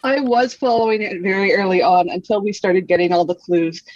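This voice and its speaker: A woman's voice: medium pitch, fairly even intonation, fairly quick, darkish tone, no echo. Female podcast guest, wry, muffled lo-fi mic. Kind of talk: casual podcast chat.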